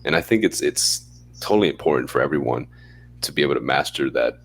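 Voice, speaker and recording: A young man co-hosting a podcast in casual chat, relaxed and rambling, often laughing as he talks. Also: rumbling low, quick pace, breathy edge. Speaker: podcast co-host.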